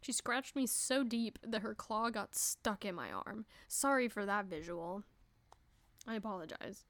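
A young woman hosting a casual solo podcast, chatty and giggly, swearing freely and breaking into quick voices. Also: medium pitch, a bit bright, no echo. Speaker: podcast host.

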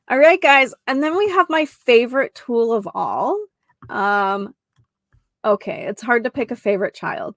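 A woman hosts a spiritual healing podcast in a gentle, chatty manner, with fillers and little laughs along the way. Her voice has a gravelly fry at a middle pitch. The sound is close and dry, with no room echo. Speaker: podcast host and Reiki practitioner. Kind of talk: casual spiritual podcast talk.

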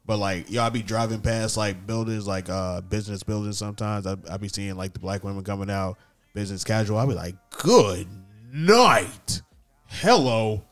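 A man's voice: fairly low pitch, flat delivery, a little fast, faint music behind. A young man co-hosting a podcast, telling stories in a laid-back, joking, slangy way. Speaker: podcast co-host. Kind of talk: casual chat.

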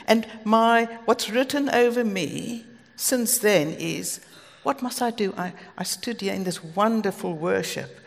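South african lady preaching in a big hall, kinda high gravelly voice, echo rings out. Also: moderate pace. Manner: earnest, storytelling, with asides and light laughs. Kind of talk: sermon. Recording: long hall reverb.

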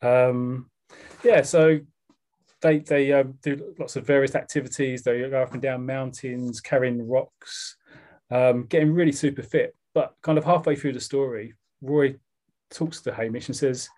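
A man's voice: medium pitch, fairly even intonation, measured pace, darkish tone. Rambling South East London man. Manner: rambling, with fillers and restarts. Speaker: podcast co-host. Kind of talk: casual chat.

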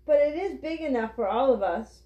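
A woman doing an excited small boy. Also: high voice, normal speed, pitched above the performer's own voice. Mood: eager. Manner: eager, exclaiming. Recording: roomy, dull lo-fi.

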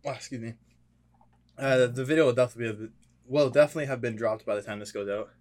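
A young man co-hosting a podcast, chatting in a relaxed, rambling way with plenty of fillers. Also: medium pitch, quick pace. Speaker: podcast co-host. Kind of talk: casual podcast chat.

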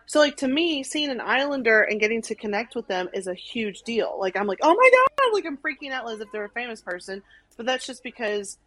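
A young woman from Arkansas, a podcast guest telling a story in animated casual chat, full of "like" and acted-out quotes. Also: fairly high pitch, brisk, no room sound, low-quality recording. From Arkansas, USA. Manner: animated, many "like"s, acts out quotes.

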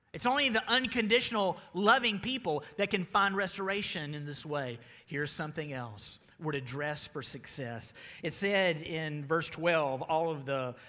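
A man with a Southern US accent preaching a sermon as pastor, energetic and calling out to his congregation. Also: a little high. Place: church sanctuary. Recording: long reverb of a large hall.

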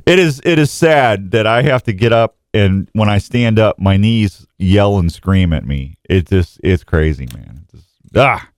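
A man's voice: fairly low pitch, animated, measured pace, dry recording, clean studio sound. A middle-aged man hosting a casual morning radio show, rambling and self-mocking with lots of restarts and jokes. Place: radio station studio.

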